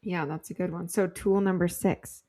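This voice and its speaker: A woman's voice: lowish voice, steady tone, normal speed, warm tone. A woman co-hosting a podcast in casual chat, talking loosely and giggling often. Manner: chatty and giggly, with loose filler-heavy phrasing. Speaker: podcast co-host.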